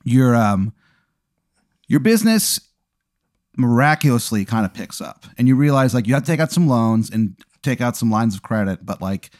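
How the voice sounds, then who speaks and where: A man's voice: mid-range voice, big pitch swings, normal speed, darkish tone, no room sound. Podcast guy rambling thru a goofy hypothetical, like um uh everywhere, dry mic. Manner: rambling, filler-heavy, laughing narration. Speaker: podcast host. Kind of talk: improvised comedic storytelling.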